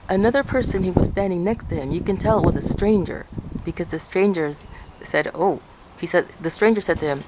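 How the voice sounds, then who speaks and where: Speaking briskly in a lowish voice, an Ecuadorian woman who vlogs rambles casually through a personal story, fixing her words as she goes. Heavy background noise fills the recording.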